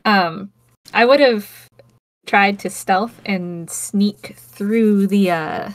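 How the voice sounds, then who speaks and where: A woman's voice: mid-range voice, drawn-out words. A woman playing a tabletop game, thinking aloud as she describes her character's actions. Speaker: player.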